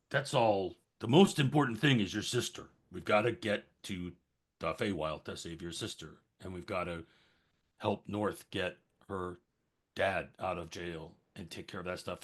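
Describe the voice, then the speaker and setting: A man's voice: sits low, a little slow, fairly bright tone, breathy edge. A man playing a tabletop game, earnest as he talks in character. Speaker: player. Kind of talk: casual in-character chat.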